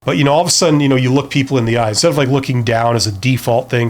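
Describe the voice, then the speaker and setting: A man's voice: medium pitch, rapid-fire. A man talking casually to camera with career advice, rambling and self-deprecating, full of fillers and restarts. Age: adult past his early twenties.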